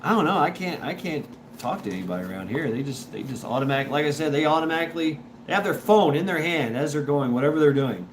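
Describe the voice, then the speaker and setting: Chatty man with lively pitch over background noise. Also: fast talker. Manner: chuckling, stop-start, repeats words. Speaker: livestream host reading chat. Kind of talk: casual rambling livestream talk.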